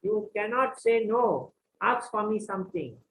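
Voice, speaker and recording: A high, lifted voice of a lion-man god, put on by a man telling the story. The deity presses his gift on his devotee with eager insistence. It sounds out in an echoey room with faint ambience. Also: expressive, measured pace, fairly bright tone, slight background noise, exaggerated voice. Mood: generous, insistent. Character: wrathful lion-man male deity, pleased and generous.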